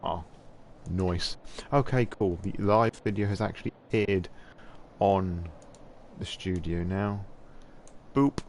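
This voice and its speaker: A man talks casually to his live-stream chat as host. His voice sits on the low side, and he swears freely and laughs often between remarks. A faint background noise runs under the recording. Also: slow, long pauses, darkish tone.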